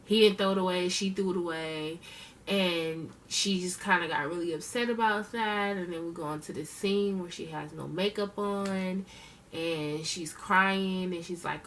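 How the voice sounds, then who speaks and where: A woman's voice: medium pitch, measured pace, far from the mic, a little hiss or hum. A woman giving blunt, slangy, profane casual commentary as a reality show reviewer, talking straight to her viewers. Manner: chatty, addresses viewers directly.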